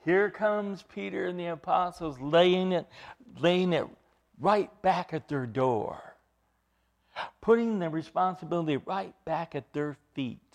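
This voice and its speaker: Emphatic high-pitched male preacher. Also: a little slow, creaky. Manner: emphatic, rises to loud stresses then drops to quiet asides. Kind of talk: sermon.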